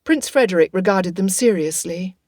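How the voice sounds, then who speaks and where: A woman narrating an audiobook in a steady, even reading. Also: on the low side, moderate pace, no room sound, clean studio sound.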